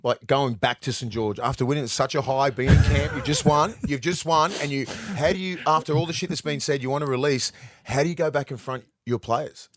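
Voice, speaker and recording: A man's voice: mid-range voice, a little fast, dry recording, clean studio sound. An Australian man in his forties, co-hosting a podcast in casual sports chat, telling stories with plenty of swearing. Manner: swearing, animated storytelling. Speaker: podcast co-host.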